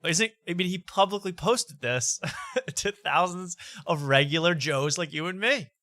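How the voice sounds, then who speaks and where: A man's voice: high voice, expressive, measured pace, pushed and bright, no echo. A man hosting a late-night comedy talk show, reading posts aloud mockingly with laughter. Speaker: host.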